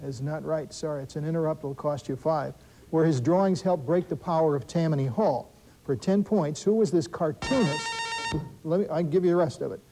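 A man hosting a school quiz show, reading questions briskly and adding wry asides and corrections for the teams. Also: a little high, background noise. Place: television studio.

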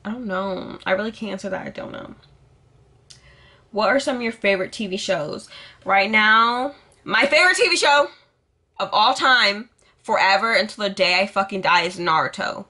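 A young woman vlogger chats to her camera in a casual get-to-know-me video, sassy and over the top, swearing freely and hamming up her answers. Her voice is bright and sharp at a medium pitch.

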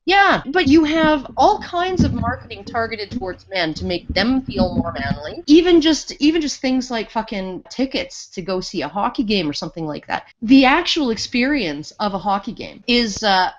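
A woman's voice: mid-range voice, muffled recording. A woman co-hosting a casual panel discussion, blunt and swearing freely. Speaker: podcast co-host.

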